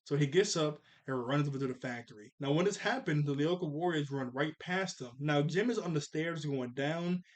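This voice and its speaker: A man with a slightly higher-than-average voice recaps a cartoon episode in a loose, chatty way. He laughs often as he walks through the scenes. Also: a little fast, few pauses. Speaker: cartoon reviewer.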